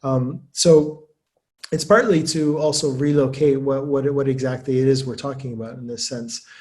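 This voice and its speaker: A man giving a webinar talk as an academic guest speaker, thinking aloud quickly with many restarts and repeated words. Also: mid-range voice, fairly even intonation, darkish tone.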